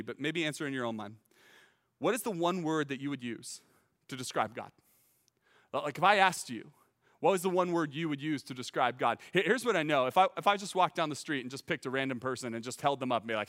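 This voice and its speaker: A teaching pastor preaches earnestly and emphatically, his somewhat bright voice sitting a little high for a man. He often repeats words when starting a phrase, and a long hall reverb follows his speech.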